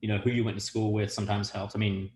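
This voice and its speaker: A man's voice: on the low side, flat delivery, fast talker, darkish tone, reverberant, slight background noise. A man hosting an interview, asking questions in a hesitant way with many fillers. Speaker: host, theatre program director. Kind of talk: casual interview.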